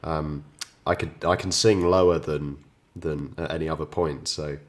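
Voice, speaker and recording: Male co-host, very low cold-deepened voice, calm and agreeable in casual chat. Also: moderate pace, slight background noise. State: voice lowered by a cold. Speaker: podcast co-host.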